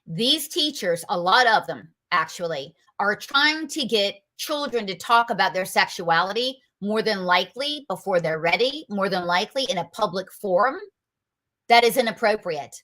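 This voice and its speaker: Fired-up woman ranting on a political show, bright edgy voice, keeps asking the audience questions. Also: medium pitch, expressive, moderate pace. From North Carolina, US. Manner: combative, emphatic, rhetorical questions. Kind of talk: political commentary.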